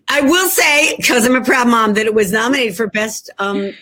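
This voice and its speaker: A middle-aged woman with a Philadelphia accent, an author appearing as a guest, chats casually over a laptop video call from her home work room. Her voice is a little high, bright and forceful, and she jokes at her own expense.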